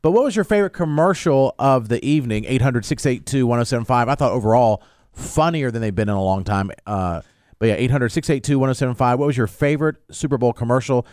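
A man's voice: medium pitch, fast talker, darkish tone, smooth, no room sound, clean studio sound. A man hosting a radio show, chatting casually and leading the talk with his co-hosts. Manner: chatty, leads the conversation.

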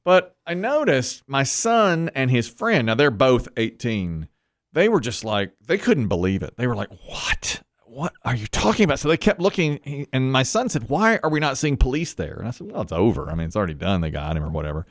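A man's voice: mid-range voice, a little fast, no echo, clean studio sound. A man hosting a talk show, telling a story casually and animatedly. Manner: animated storyteller, laughs often.

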